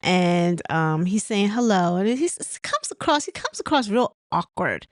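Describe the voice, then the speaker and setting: A woman's voice: mid-range voice, big pitch swings, measured pace, no room sound. Lady rambling thru a reality tv recap, lots of ums, laughing at the cast, dry room. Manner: rambling, laughs and mimics cast members' lines; many fillers and restarts. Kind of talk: casual chat recapping an episode.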